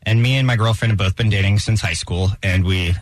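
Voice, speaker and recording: A man's voice: fairly low pitch, brisk, no room sound. A young man, an intern, hesitantly explaining himself on a radio show with lots of fillers. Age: young adult. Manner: hesitant, lots of likes and uhs. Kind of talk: casual on-air chat.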